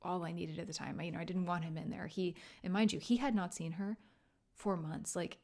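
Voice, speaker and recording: A woman podcast host telling a personal story in a soft, halting, tearful way, often dropping to a whisper. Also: lowish voice, fairly even intonation. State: emotional, near tears. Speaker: podcast host and grief coach. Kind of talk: personal solo podcast monologue.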